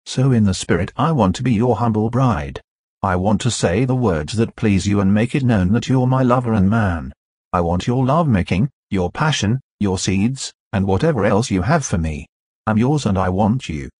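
A man reading a devotional prayer in an earnest, devoted, steady way. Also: lowish voice, moderate pace, breathy edge, dry recording, studio quality.

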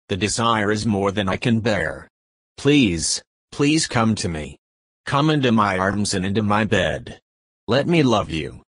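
A man voicing an adoring divine bridegroom in a devotional reading, slow and pleading, lingering on each phrase. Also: on the low side, no echo, clean studio sound. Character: adoring divine male bridegroom, yearning and tender.

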